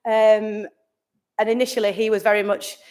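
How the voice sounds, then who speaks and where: A woman's voice: medium pitch, little pitch movement, moderate pace, darkish tone. A woman speaking at a conference in a meeting room, enthusiastic, often restarting and searching for words. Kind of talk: conference presentation.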